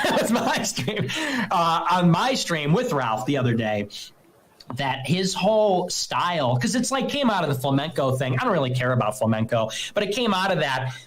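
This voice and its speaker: A man's voice: medium pitch, sing-song, normal speed, poor audio. A man hosting a livestream, ranting casually and emphatically, mocking others in put-on voices. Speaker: livestream host.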